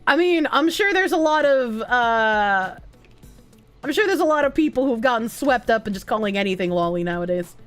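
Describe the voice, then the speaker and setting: Young woman, high voice, swooping and lively delivery, live stream chat reading, faint music behind. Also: moderate pace. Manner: animated, laughs often, thanks donors. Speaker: livestreamer.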